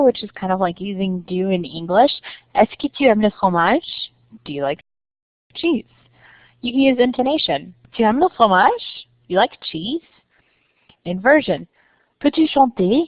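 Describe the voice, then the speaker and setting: A woman's voice: medium pitch, no room sound. Woman teacher, patient explainer, dry close sound, slightly dull recording. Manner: clear, patient explaining with slow stressed examples. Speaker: French teacher. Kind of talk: recorded lesson narration.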